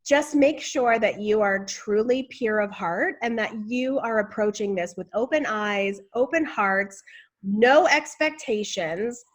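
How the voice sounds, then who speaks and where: A woman guest in a casual interview, talking in an animated, expressive way about family life. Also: medium pitch, unhurried, hardly any pauses. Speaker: guest, author and speaker.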